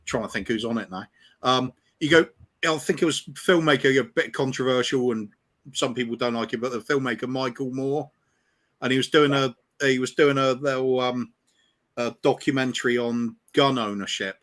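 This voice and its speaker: A man's voice: medium pitch, normal speed, a bit bright. A man in a casual chat, telling a story in a meandering way with hesitant fillers.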